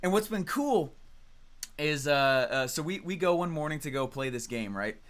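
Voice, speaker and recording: A man in his thirties gives an energetic motivational training talk, telling a story with lots of "right?" and "okay?" check-ins. His voice sits a little higher than most men's. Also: normal speed. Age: 30s.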